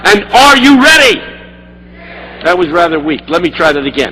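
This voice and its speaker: An older man preaching with impassioned energy, his voice climbing from storytelling into shouts. The pitch sits very high and moves in lively swoops. The tone is bright and ringing. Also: moderate pace, long pauses, rough recording. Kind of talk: sermon.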